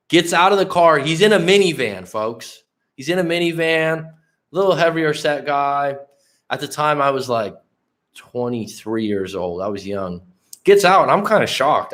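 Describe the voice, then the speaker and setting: Candid, profane storytelling coach, late thirties. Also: male voice, on the high side, fairly bright tone. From San Francisco Bay Area, US. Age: late 30s. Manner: conversational and candid, with frequent swearing. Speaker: life coach host. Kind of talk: casual livestream storytelling.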